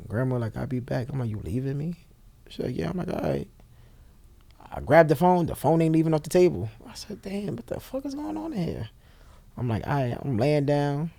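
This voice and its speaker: A young man with a gravelly, creaky voice tells his story in an interview, blunt and profane and wholly candid. His pitch swings widely as he acts out the people in the story, and the recording sounds dry and close. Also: very animated, fairly quick, mellow, no echo. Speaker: interview guest.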